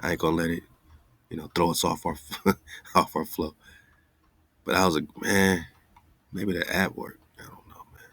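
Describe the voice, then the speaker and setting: A man's voice: low voice, fairly even intonation, normal speed, long pauses, fairly bright tone, no echo. A man hosting an online radio show, talking loosely and straight to his listeners with an exasperated, easygoing manner. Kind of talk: casual live-stream talk.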